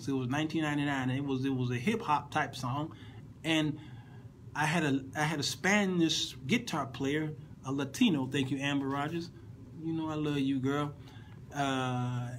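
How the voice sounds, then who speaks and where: A man teaching a Sunday school lesson in a loose, conversational way, often restarting his words and joking with his listeners. His voice sits a little high for a man. Faint noise can be heard behind him. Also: fairly bright tone, rough recording. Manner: playful asides to online listeners. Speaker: Bible lesson host.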